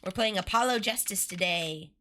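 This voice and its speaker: A young woman streaming a game, chatting in a bubbly, excited way and greeting her viewers. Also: medium pitch, moderate pace, a little hiss or hum. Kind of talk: casual let's-play chat.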